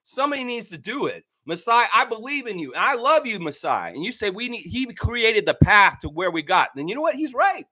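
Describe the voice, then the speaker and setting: A man from Canada hosts a fan show and rants with profane, heated anger. His voice sits high and sounds bright and tense as he fires off his complaints. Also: sing-song, fairly quick, few pauses. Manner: angry, profane, heated ranting. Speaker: basketball fan show host. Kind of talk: ranting commentary.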